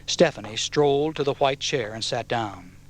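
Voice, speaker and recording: A man's voice: mid-range voice, moderate pace, a little hiss or hum. A man narrating a dramatic audiobook story.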